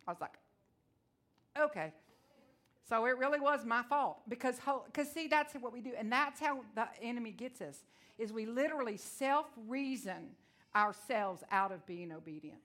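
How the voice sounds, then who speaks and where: A woman's voice: a little high, normal speed, a bit bright. A middle-aged woman preaching a sermon to women, telling stories and acting out her own dialogue. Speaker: women's ministry speaker.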